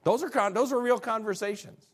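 A middle-aged man preaching a sermon as pastor, animated, acting out dialogues and swinging from quiet low lines to near shouts. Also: fairly quick.

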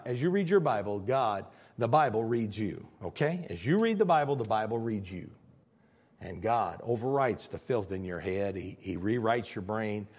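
A male pastor preaching a sermon, swinging between near-shouts and hushed tones, often repeating phrases and restarting. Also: medium pitch.

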